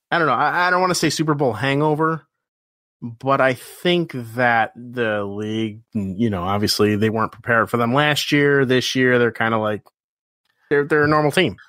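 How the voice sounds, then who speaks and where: A man's voice: mid-range voice, a little slow, a bit bright, no room sound, clean studio sound. A man co-hosting a casual sports podcast, telling rambling stories, swearing, and acting out the voices of people he met. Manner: rambling storyteller, acts out quoted voices, swears. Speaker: podcast co-host.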